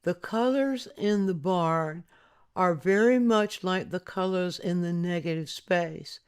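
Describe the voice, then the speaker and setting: An art instructor talks through a lesson in voice-over at an unhurried, deliberate pace. The delivery is patient and explanatory, pitched in a middle register, and it regularly invites the listener to look again. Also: clean tone. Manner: patient, explanatory, prompts viewer to look closely.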